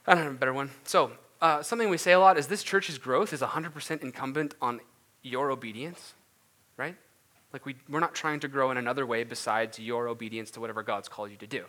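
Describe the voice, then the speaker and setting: A man preaching a conversational sermon, animated and informal, with frequent restarts and asides. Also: medium pitch. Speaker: pastor.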